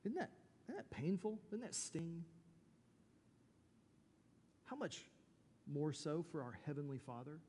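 A man's voice: a little high, sing-song, measured pace, pauses often, mellow, a little hiss or hum. A man preaching a sermon as pastor, emphatic and full of rhetorical questions. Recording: long reverb from a large hall.

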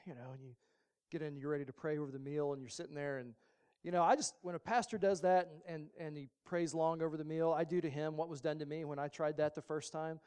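A male pastor giving a sermon in a relaxed, conversational way, slipping in humorous asides. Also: fairly high pitch, quick pace, smooth.

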